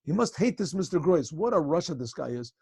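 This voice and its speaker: A male rabbi tells a story in a loose, conversational way, pausing often to clear his throat. His voice is gravelly and husky, a touch high for a man. He is heard through a video call, close and dry. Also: sing-song, a little mellow, no room sound. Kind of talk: animated storytelling for a class.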